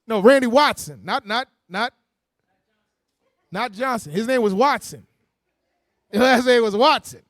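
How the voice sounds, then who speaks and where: Man, preacher, sermon, very high voice, conversational, slangy, animated. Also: unhurried, long pauses, no room sound, studio quality. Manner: lively, conversational preaching with slang, frequent restarts and mock-voiced asides. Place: church meeting hall.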